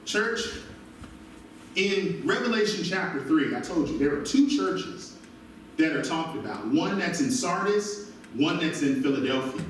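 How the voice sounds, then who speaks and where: A male pastor preaching an animated sermon, recorded from a distance in a church. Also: fairly high pitch, measured pace, slight background noise. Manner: animated preaching with call-and-response asides. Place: church sanctuary. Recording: very echoey church from far off.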